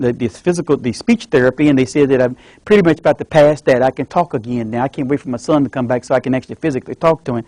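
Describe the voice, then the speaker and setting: A man voicing the inner thoughts of a depressed sixty-two-year-old father after a stroke, low and subdued in a meeting-room speech. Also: a little mellow, dry recording, lightly acted, low-quality recording. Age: 60s. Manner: low, slow, despairing inner monologue. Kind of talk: acted monologue in a club speech.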